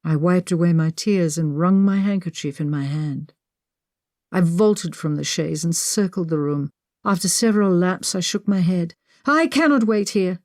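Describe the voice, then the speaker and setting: Female audiobook narrator, low-pitched, measured first-person storytelling, dry studio sound. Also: darkish tone, dry recording.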